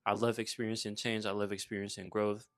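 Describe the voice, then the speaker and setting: A young man from Saint Croix tells his own story in a relaxed, slang-heavy way. His voice sits a little low. The sound is dry and close, with no room echo. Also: a little fast. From Saint Croix, US Virgin Islands. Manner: slangy and laid-back, peppered with "bruh" and "you feel me". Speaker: motivational vlogger. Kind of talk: casual personal storytelling.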